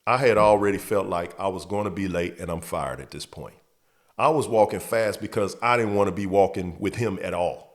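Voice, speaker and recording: Low-voiced man telling a story. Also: brisk. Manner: repeats and restarts words, acts out quotes. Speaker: host. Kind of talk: casual storytelling.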